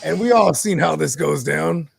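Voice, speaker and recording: Male co-host, high raspy voice, playful banter, crowd noise behind. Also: moderate pace. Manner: playful, jokey, animated banter. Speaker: podcast co-host. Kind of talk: casual chat.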